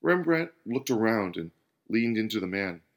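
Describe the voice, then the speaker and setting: A man hosting and narrating a scripted parable with an expressive reading. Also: fairly low pitch, moderate pace. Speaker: host and storyteller. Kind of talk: scripted storytelling.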